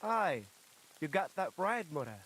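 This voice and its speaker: A man's voice: a little high, sing-song, measured pace, a crowd in the background. An actor voicing a boastful, shady male horse dealer in a video game, with a swaggering, folksy way of talking.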